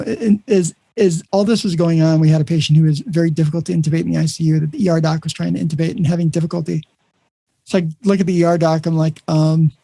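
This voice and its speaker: A man hosts a conversational podcast with a gravelly, fairly high voice. He tells stories with energy and acts out the dialogue. The sound is dry, with no room around it. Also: dry recording. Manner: animated storyteller, acts out dialogue. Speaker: podcast host. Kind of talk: conversational interview.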